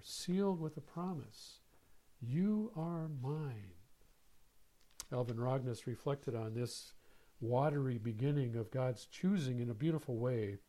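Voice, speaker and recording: A male preacher delivers a sermon in a slow, measured cadence, letting solemn pauses hang between phrases. His voice is warm and mellow and sits a little high for a man.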